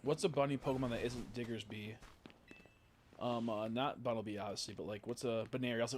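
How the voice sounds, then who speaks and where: A man streaming a video game, chatting casually and rambling, swearing often and reacting excitedly to what happens on screen. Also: medium pitch, racing, a little hiss or hum. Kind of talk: casual live-stream commentary while playing.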